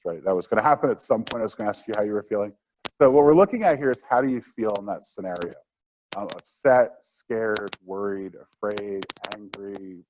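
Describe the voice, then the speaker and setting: A man's voice: medium pitch, noisy background. A middle-aged man presenting a live workshop lecture in a conversational way, with fillers and asides.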